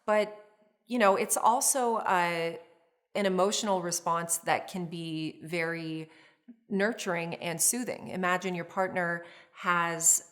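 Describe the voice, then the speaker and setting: A woman therapist teaching a course on relationships, speaking in a calm, measured, explanatory way with frequent small restarts. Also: on the low side. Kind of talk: instructional talk to camera.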